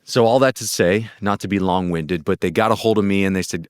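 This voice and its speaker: Deep, gritty-voiced man telling stories. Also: fairly quick, few pauses, smooth, no echo, clean studio sound. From North Carolina. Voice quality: gritty chest voice. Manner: animated, rambling anecdotes with acted-out quotes. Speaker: guest voice actor. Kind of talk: casual interview storytelling.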